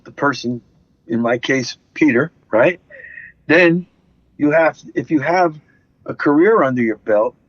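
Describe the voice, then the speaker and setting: A man tells stories from his acting career in an animated way, jumping into the voices of the people he quotes. His voice sits a bit high. The sound is dull and dry, with no room around it. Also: dry recording. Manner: animated storyteller acting out quotes, laughs often. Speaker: actor, interview guest. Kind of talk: anecdotal storytelling.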